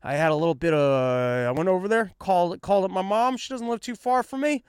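A man with a high, smooth voice riffs alone on his comedy podcast, rambling and self-mocking as he jumps in and out of mock dialogue. The sound is dry and close, with no room around him. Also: quick pace, a little mellow, dry recording. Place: his apartment.

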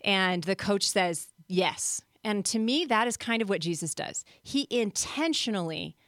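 A woman's voice: mid-range voice, lively intonation, moderate pace, a bit bright, dry recording, clean studio sound. A woman co-hosting a faith podcast who shares thoughtful, conversational stories.

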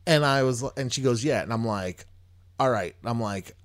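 A man's voice: mid-range voice, moderate pace. A man hosting a podcast, telling a long story in casual chat, rambling and exasperated, swearing freely. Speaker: podcast host.

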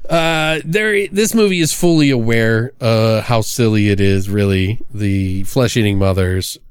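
A man's voice: lowish voice, measured pace, smooth, no room sound, studio quality. A man from Maryland hosting a casual movie review podcast, laid-back and joking, swearing freely. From Maryland, US East Coast. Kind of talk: casual chat.

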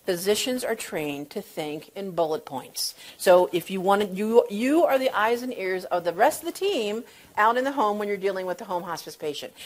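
A woman who works in hospice and palliative care, giving a lively talk and acting out phone calls. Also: fairly high pitch. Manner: animated, acts out phone calls with exaggerated voices. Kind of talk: lecture with storytelling.

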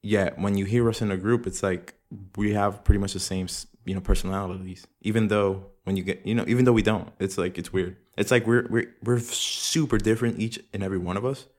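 A young man talks through his solo podcast in a relaxed, rambling way, full of slang and swearing. His voice sits on the low side, and he drifts from one thought to the next like he's catching up with a friend. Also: brisk, few pauses. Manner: rambling, profane, laid-back slang. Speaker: podcast host. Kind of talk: casual solo podcast chat. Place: room at home with audible room echo.

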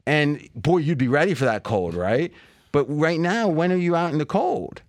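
A man's voice: on the high side, lively intonation, moderate pace, no room sound, clean studio sound. A man hosting a sports betting podcast, rambling and thinking aloud with lots of fillers and restarts. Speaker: podcast host. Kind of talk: casual sports betting chat.

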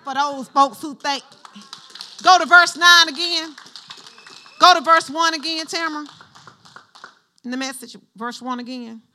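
A woman's voice: high-pitched, unhurried, long pauses, bright, forceful tone, a little hiss or hum. A woman pastor preaching a sermon in church, using call-and-response and having the congregation finish her lines.

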